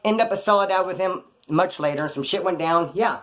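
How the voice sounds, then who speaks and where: A man's voice: high voice, fairly quick, fairly bright tone, a little hiss or hum. A man casually telling prison stories in a blunt, profane, slang-heavy way, acting out the dialogue. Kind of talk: casual storytelling.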